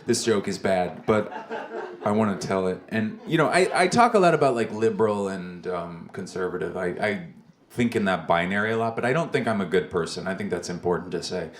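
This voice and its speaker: Rambling low-voiced male stand-up comic. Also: brisk, a little hiss or hum. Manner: rambling, self-deprecating, chatting with the crowd. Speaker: stand-up comedian. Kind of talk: stand-up comedy with crowd work. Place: comedy club basement stage. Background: audience laughter.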